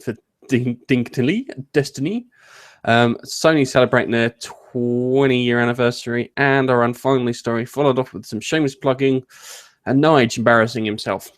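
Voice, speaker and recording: A man's voice: medium pitch, normal speed. A man hosting a casual gaming news chat, rambling, jokey and often interrupting himself. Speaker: host.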